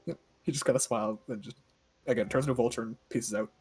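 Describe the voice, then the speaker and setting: A man narrating as game master of a tabletop game in a relaxed way, laughing often. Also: medium pitch, fast, husky, soft background music. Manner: laid-back, laughing often.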